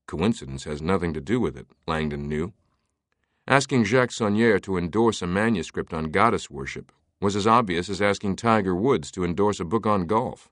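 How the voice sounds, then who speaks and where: A man narrating an audiobook in a steady, even tone. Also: sits low, moderate pace, no echo, studio quality. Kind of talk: scripted narration.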